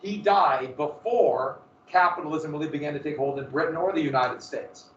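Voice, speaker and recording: Male teacher, a touch high-voiced, casual and jokey, lecturing from across a roomy classroom on a dull mic. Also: normal speed, distant mic, a little hiss or hum. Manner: casual, joking, digressive storytelling.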